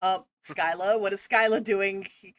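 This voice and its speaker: A woman running a tabletop game, describing scenes in a measured way with frequent ums. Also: mid-range voice, fairly even intonation, no echo. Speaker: game master.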